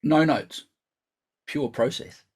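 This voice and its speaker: A man's voice: on the high side, takes it slowly, a little mellow, slight background noise. A man teaching brass in a live online lesson, chatty and instructive, thinking aloud as he explains.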